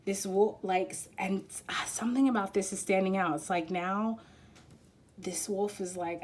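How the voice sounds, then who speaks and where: A woman giving an intuitive card reading, rambling and halting with many fillers and growing emotional as she talks. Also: mid-range voice, fairly even intonation, a little mellow, slight background noise. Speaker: tarot reader. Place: quiet room at home.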